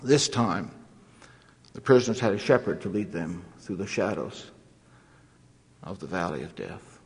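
A man giving a formal sermon, telling a story in a measured, solemn way with scriptural phrasing. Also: sits low, animated, husky, big-room sound. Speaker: preacher.

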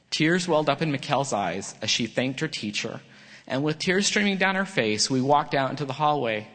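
A man's voice: medium pitch, fairly bright tone. A middle-aged man giving an earnest prepared sermon talk in a church chapel, reading with small slips. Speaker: church speaker. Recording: long reverb of a large hall.

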